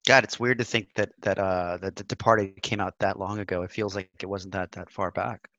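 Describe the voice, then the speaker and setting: Bright-voiced man, musing casually. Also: deep voice, fairly even intonation, a little fast, highs cut off. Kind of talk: casual film podcast chat.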